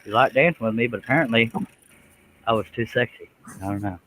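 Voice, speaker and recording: A man's voice: mid-range voice, quick pace, pushed and bright, slight background noise, rough recording. A man hosting a casual woodworking live stream from his workshop, joking about himself and reading viewer comments aloud. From Texas.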